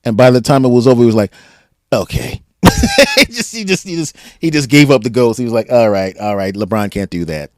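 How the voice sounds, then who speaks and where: Animated, playful man from Philadelphia. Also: medium pitch, fast talker, hardly any pauses, no room sound, clean studio sound. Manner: playful ribbing, animated retellings. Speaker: podcast host. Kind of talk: casual sports banter.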